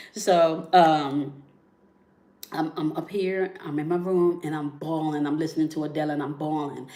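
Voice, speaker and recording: A woman's voice: low-pitched, a little mellow. A woman in her bedroom telling a personal relationship story in a casual, repetitive way, often checking in with "okay?" and "right?". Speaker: spiritual content creator.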